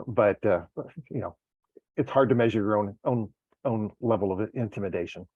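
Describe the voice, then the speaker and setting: A man's voice: lowish voice, moderate pace, no echo. A man joining a meetup discussion by video call, speaking hesitantly with many restarts. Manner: hesitant, repeats words often. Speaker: meetup participant. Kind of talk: casual group discussion. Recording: tinny phone-like line.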